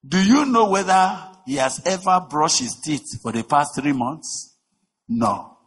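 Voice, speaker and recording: A man preaching a sermon, emphatic, with rhetorical questions, swinging between shouting and a low voice. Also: expressive, measured pace, husky. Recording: long reverb of a large hall.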